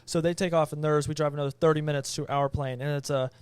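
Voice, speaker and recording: Young guy on a podcast telling a trip story, kinda high voice, bounces into the quotes, dry close sound. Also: fast talker, clean tone, dry recording. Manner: animated, acts out quoted voices. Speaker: podcast co-host. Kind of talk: casual storytelling.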